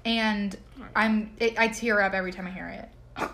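A woman's voice: mid-range voice, steady tone, moderate pace, vocal fry, fairly bright tone. A young woman co-hosting a casual podcast, gushing and joking with big dramatic exaggeration. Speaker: podcast co-host. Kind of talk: casual chat.

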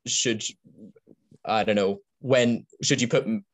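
A man's voice: on the low side, fairly even intonation, takes it slowly. Chatty, enthusiastic man hosting a podcast. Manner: enthusiastic, laughs often, rambling. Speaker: podcast host. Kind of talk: casual podcast chat.

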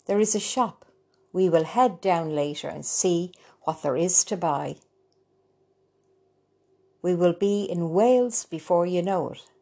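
Woman reading young daughter, eager, affectionate, storybook, low voice. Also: unhurried, pauses often, mellow.

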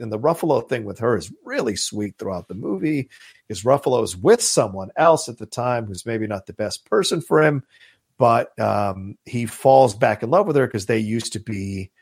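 A man with a gravelly, slightly husky voice rambles with enthusiasm as he co-hosts a casual podcast about movies. The sound is dry and close, with no room around it. He swears here and there in easy chat. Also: medium pitch, expressive, moderate pace, no echo. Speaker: podcast co-host.

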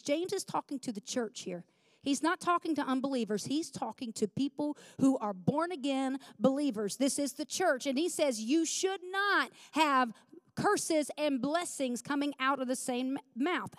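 Woman preacher, high voice, emphatic and chatty, questioning the congregation; dry sound. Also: no echo. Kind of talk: sermon.

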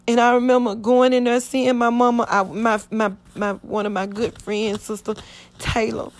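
A woman's voice: fairly high pitch, little pitch movement, moderate pace. A woman telling an emotional personal story in a podcast, pleading and prayerful, often close to tears. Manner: tearful, pleading, with fervent prayerful outbursts.

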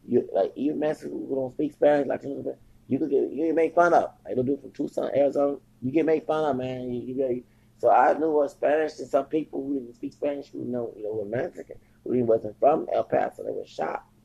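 Man in his forties, heavy gravelly fry, husky, rambling podcast talk with Spanish slipped in, dull lo-fi sound. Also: mid-range voice, brisk, mellow. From Houston, Texas. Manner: rambling, switches into Spanish, frequent fillers. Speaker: podcast host. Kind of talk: casual monologue. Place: at home, near the kitchen.

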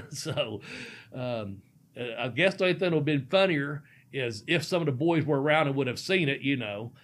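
A man's voice: mid-range voice, lively intonation, normal speed, fairly bright tone. A middle-aged man, a former pro wrestler, telling a rambling, profane story and laughing often. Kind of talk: casual storytelling.

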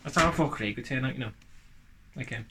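A young man co-hosting a casual podcast, giggling and swearing through quick banter, in a noisy home recording. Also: mid-range voice. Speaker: podcast co-host. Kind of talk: casual joking chat.

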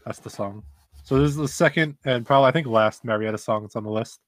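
A man's voice: medium pitch, fast, no echo. A man co-hosting a casual music review chat, speaking in an easygoing, chill way with many likes. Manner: easygoing, chill, says like often. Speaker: music podcast co-host.

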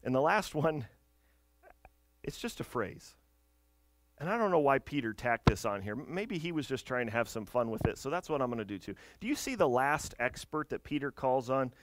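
A man's voice: mid-range voice, no echo. A man in his thirties or forties preaching a sermon as pastor, earnest, asking the congregation direct questions.

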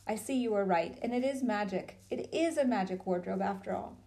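A woman's voice: a little high, normal speed, dark tone, natural voice. A woman reading a storybook and voicing a sulky, greedy young boy who snaps and pleads. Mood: snappish. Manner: snappish and pleading.

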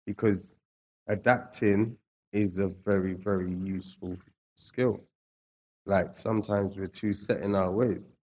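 A man from England, a guest speaking casually and reflectively about his past, slangy and lively when retelling stories. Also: sits low, a little slow, husky. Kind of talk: casual storytelling interview.

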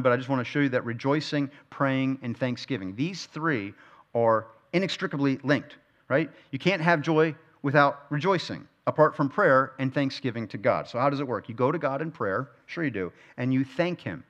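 A man's voice: medium pitch, fairly quick, a bit bright, dull audio. Man teaching Scripture with rhetorical questions. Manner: asks the listeners frequent rhetorical questions; repeats key phrases for emphasis. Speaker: Bible teacher. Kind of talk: verse-by-verse Bible study teaching.

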